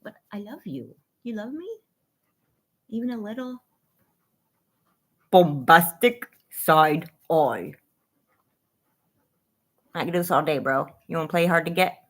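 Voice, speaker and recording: A woman's voice: lowish voice, expressive, fairly quick. A woman hosting a casual livestream, greeting viewers by name and cooing at her dogs in a bubbly way. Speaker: livestream host.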